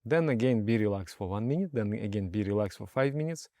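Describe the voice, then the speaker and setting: A man teaching yoga and meditation in an animated way, asking rhetorical questions and telling stories. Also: on the low side, fast, dry recording, studio quality. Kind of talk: spoken meditation lesson.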